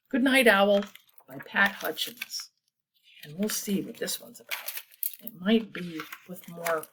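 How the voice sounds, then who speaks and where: A woman children's librarian reading bedtime stories aloud, inviting young listeners to join in with animal sounds in a gentle, calming way. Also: mid-range voice, measured pace, slight background noise. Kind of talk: children's story time read-aloud.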